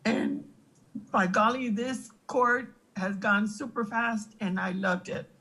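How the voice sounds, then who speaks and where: An older woman who is a retiring county attorney gives a halting, emotional thank-you at a public meeting, holding back tears over a remote call. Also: on the high side, sharp tone, breathy edge, low-quality recording.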